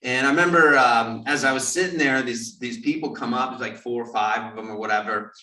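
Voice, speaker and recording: A man hosting a podcast, telling a lively story and acting out the quoted lines. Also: medium pitch, brisk. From California. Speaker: podcast host. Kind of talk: storytelling in casual interview. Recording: roomy, distant mic.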